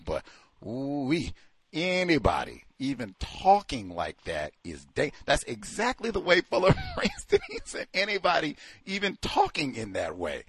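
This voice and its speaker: Hosting a call-in radio show, a man talks casually and with lots of animation, imitating the voices of the people he quotes. His mid-range voice is a bit bright and husky with vocal fry, recorded without echo.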